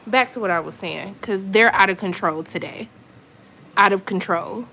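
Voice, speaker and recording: A woman's voice: medium pitch, moderate pace, gravelly, bright, forceful tone, slight background noise. A woman chatting casually on a live stream from her apartment, venting in an exasperated way with lots of asides. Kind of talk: casual chat to viewers.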